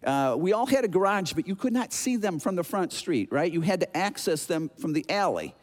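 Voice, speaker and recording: Chicago guy in his 60s preaching, tells stories all animated, bit high voice, big echoey hall. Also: fairly quick. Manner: animated, acts out noises and voices. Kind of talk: sermon storytelling. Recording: long hall reverb.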